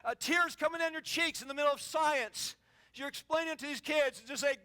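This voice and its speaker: A man's voice: extremely high pitch, a little fast, dry recording. A middle-aged man giving an impassioned sermon at a conference, telling stories and acting out the cries in them. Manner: animated storytelling with acted-out cries. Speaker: conference speaker. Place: conference hall.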